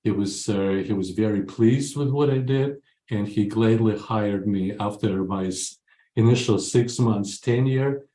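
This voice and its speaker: A man in his sixties from Ukraine, a guest telling his story in an interview, earnest and halting with many pauses. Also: fairly low pitch, mellow. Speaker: guest, photographer. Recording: echoey room.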